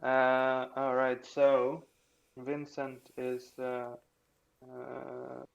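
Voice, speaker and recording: A man narrating a tabletop game as game master, unhurried, with frequent fillers and chuckles. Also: mid-range voice, monotone, vocal fry.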